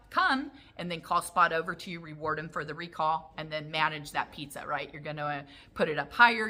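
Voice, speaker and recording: Bright-voiced lady walking you through dog training basics, chatty and practical, does little demo calls to the dog. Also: lowish voice. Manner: explanatory, acts out calls to the dog. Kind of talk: instructional talk.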